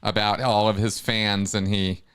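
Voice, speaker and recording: A man's voice: lowish voice, level tone, unhurried, fairly bright tone, clean tone. A man hosting a casual livestream chat, rambling with many restarts. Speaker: host.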